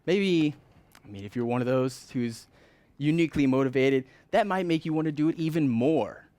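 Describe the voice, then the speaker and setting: A man's voice: fairly high pitch, moderate pace, a little mellow, dry recording. A man preaching a sermon in an earnest, conversational way, stressing points with rising emphasis.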